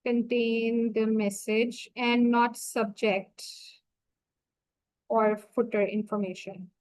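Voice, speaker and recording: A woman walking viewers through a software setup on a screen-share tutorial, talking through each click as she goes. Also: fairly high pitch, level tone, rough recording. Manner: slow, explanatory, talks through each click. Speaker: software trainer.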